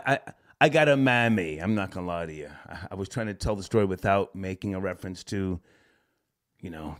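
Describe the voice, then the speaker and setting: This call-in show host has a voice on the low side and spins a rambling, profane yarn. His delivery is casual and animated, punctuated by his own laughter.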